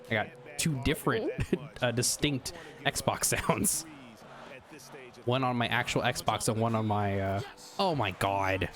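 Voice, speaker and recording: While playing a basketball video game, a young man chats casually in a relaxed, low-effort way, laughing often. He speaks slowly over soft background music.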